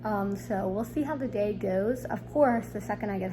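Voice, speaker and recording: A woman's voice: medium pitch, normal speed, few pauses, dark tone, low-quality recording. A young adult woman talking in a casual vlog diary. Her S sounds come out airy and slightly lisped, and she chats along with plenty of ums and likes. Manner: chatty, with frequent ums and likes. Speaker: vlogger.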